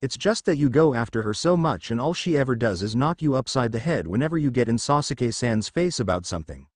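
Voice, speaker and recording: A man putting on a shy teenage girl ninja for a story reading, soft and earnest in his own near-natural voice. The sound is close and dry, with lively pitch. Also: fast talker, dry recording, close to an everyday voice.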